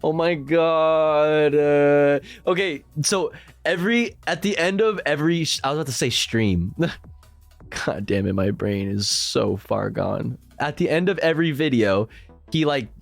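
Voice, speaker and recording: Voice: medium pitch, normal speed, dry recording, faint music behind. A streamer reacting live from home, rambling with lots of swearing and laughter. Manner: profane, giggly, rambling.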